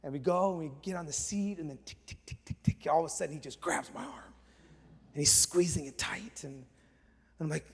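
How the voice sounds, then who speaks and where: A man in his thirties, a pastor, giving a sermon in lively storytelling, sometimes dropping to hushed asides. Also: a little high, a little fast, creaky, husky. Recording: long hall reverb.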